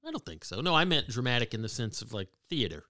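A man's voice: medium pitch, very animated, fast, bright, forceful tone, dry recording. A man co-hosting a podcast, bantering in a dry, teasing way with casual swearing. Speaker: podcast co-host. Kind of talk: casual chat.

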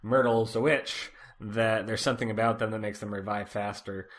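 A man co-hosting a casual podcast, recapping a TV episode in a relaxed way, with lots of fillers. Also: on the low side, normal speed. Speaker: podcast co-host.

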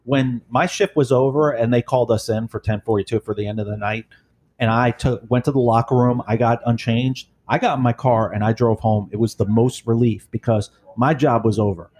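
A former police supervisor chatting casually, telling blunt, profane, rambling stories. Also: male voice, medium pitch, fairly even intonation, fairly quick, darkish tone, slight background noise. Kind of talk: casual storytelling chat.

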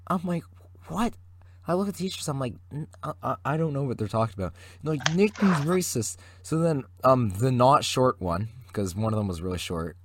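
Co-hosting a podcast, a teenage boy from Canada rambles through a casual story packed with fillers and false starts. He talks fairly quickly at medium pitch with big swings in intonation, and a little hiss or hum sits under the recording.

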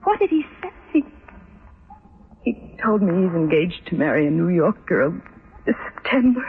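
A woman's voice: on the low side, very animated, slightly rough, exaggerated voice. Lovesick young woman. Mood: sobbing. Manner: emotional, halting, breathless pleading. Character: young woman desperately, obsessively in love. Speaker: lovesick heroine. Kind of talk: old-time radio drama acting. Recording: tinny old radio broadcast with faint hiss.

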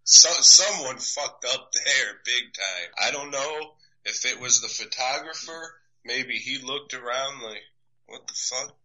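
A man's voice: medium pitch, unhurried, hardly any pauses, bright, forceful tone, dull audio. A man in his thirties from the United States hosting a casual podcast chat, crude and mocking, swearing freely. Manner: crude, profane, mocking, acts out quoted voices. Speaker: podcast host.

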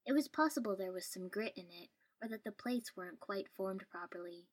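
A woman's voice: medium pitch, expressive, fairly quick, husky. A woman reading a first-person story aloud in a dry, wry tone. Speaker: story reader.

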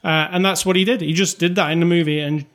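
A man's voice: fairly high pitch, steady tone, fast, a bit bright. A man co-hosting a casual movie review chat, rambling and conversational with lots of fillers. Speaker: podcast co-host.

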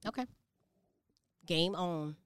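A woman's voice: lowish voice, slow, smooth. A woman co-hosting a podcast in casual chat, playful and teasing, laughing often. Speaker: podcast co-host.

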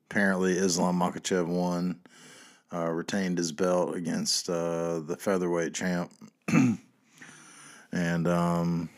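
A man with a Southern accent talks alone into his podcast mic in a loose, meandering chat. His voice sits very low. He swears often and stalls on fillers as he drifts from one thought to the next. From American South. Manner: rambling, profane, lots of fillers. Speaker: podcast host. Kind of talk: casual solo podcast ramble.

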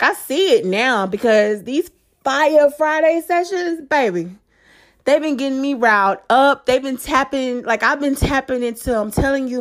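Solo podcast host, woman, slightly high pitch; emphatic pep-talk delivery, cusses freely, keeps checking in with listeners. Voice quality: slangy, rhetorical questions to listeners. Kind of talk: casual solo podcast monologue.

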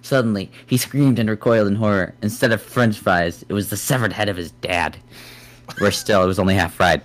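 Low-voiced man reading a silly horror story. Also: fairly even intonation, brisk. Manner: jokey, adds swearing, laughs at his own lines. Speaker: podcast co-host. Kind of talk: reading a scary story aloud, casual chat.

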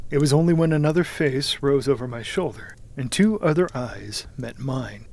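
A man reading a first-person story aloud in a measured, dramatic manner, sometimes sinking to a hushed whisper. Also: mid-range voice, slight background noise. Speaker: audiobook narrator. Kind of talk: scripted first-person narration.

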